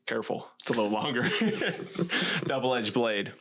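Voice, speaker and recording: A man's voice: mid-range voice, animated, moderate pace, fairly bright tone, slight background noise. A man hosting a podcast casually, reading stats with dry asides and frequent laughs. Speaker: podcast host.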